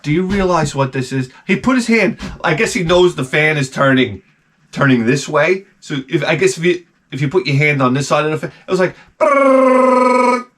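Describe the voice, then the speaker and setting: A man's voice: on the high side, animated, a little fast, a bit bright. A middle-aged man ranting sarcastically through a casual story, mimicking the people in it. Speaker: vlogger.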